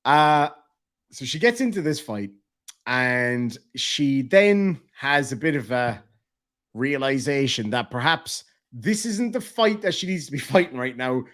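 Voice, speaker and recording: A young Irish man with a lively, animated delivery, telling a comic story and laughing as he swears. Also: mid-range voice, unhurried. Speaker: vlogger.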